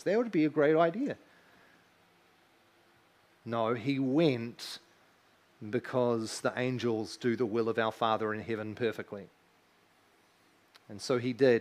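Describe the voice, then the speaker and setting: A man in his thirties preaching a sermon, earnest and emphatic, often asking his listeners rhetorical questions. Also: mid-range voice. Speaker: pastor.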